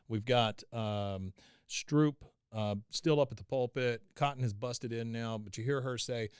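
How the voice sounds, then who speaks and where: A man's voice: medium pitch, measured pace, clear, resonant tone, dry recording, clean studio sound. A man hosting a podcast and casually retelling a cartoon episode scene by scene, laughing often. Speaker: podcast host.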